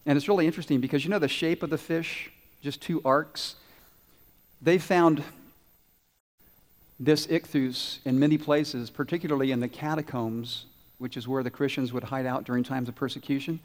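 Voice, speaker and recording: Animated pastor in a reverberant church. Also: male voice, medium pitch, moderate pace. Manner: animated, asks children questions and answers for them. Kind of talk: children's sermon. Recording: long reverb in a large hall.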